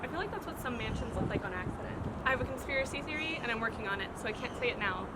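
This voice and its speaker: A woman's voice: fairly high pitch, lively intonation, racing. A woman hosting a travel vlog, chatting and joking in rambling banter while walking outdoors through city streets and a cemetery. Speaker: vlog host. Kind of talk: casual travel vlog chat. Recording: loud street noise.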